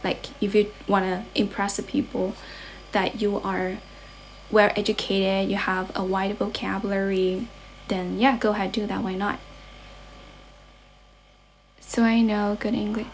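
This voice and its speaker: A young woman whose first language is Chinese chats casually on a livestream, reading viewers' comments and answering them. She speaks at an ordinary pitch, switches into Mandarin, restarts her sentences and corrects herself as she goes. A faint noise sits behind her voice. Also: level tone, unhurried, pauses often. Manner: mixes English with Mandarin, chatty, self-correcting. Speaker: English tutor livestreamer.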